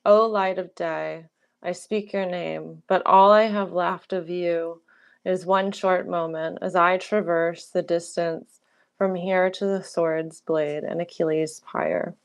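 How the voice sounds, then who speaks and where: A woman reading the part of a young princess facing death in a dramatic reading, softly and tenderly. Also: fairly low pitch, fairly even intonation, takes it slowly, gravelly, clean tone. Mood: tender resigned. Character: young doomed princess, gentle and resigned.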